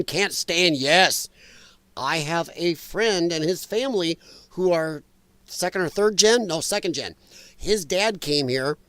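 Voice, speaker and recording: A male livestream host with a fairly high voice, recorded close and dry with no room sound. He talks casually and bluntly, answering viewers' comments, animated and quick to laugh. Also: dry recording. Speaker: livestream talk show host. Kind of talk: casual live chat, reading viewer comments.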